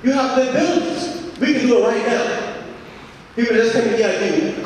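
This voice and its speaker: A man's voice: very high voice, moderate pace. A man giving a repetitive, exhorting motivational speech to students, often checking in with the crowd. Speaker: mentor speaking to students. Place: large hall at a university event. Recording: echoey hall, distant mic, faint noise.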